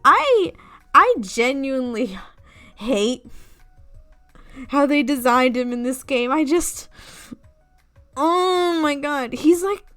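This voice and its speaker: A woman's voice: high voice, animated, takes it slowly, pauses often, a bit bright, faint music behind. A woman giving giggly, rambling commentary as she plays a dating game and reads its text aloud, swearing often. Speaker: game streamer.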